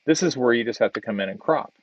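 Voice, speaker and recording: A man's voice: mid-range voice, expressive, fast talker, dry recording, dull audio. A man giving casual design feedback on a student project while working on screen, thinking aloud with lots of fillers and restarts. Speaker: design instructor. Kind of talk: screen-share design critique.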